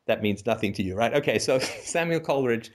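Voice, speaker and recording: A man's voice: mid-range voice, brisk. A man hosting a call-in talk show, delivering a casual ranting monologue full of rhetorical questions. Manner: animated, rhetorical, keeps asking "right?".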